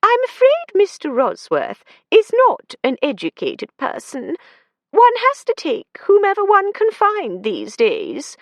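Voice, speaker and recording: A prim, thin-voiced old landlady, her speech high and swooping as she fusses over house rules, put on by a woman reading an audiobook. The recording is dry and close. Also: wildly swooping pitch, slow, no room sound, heavily acted.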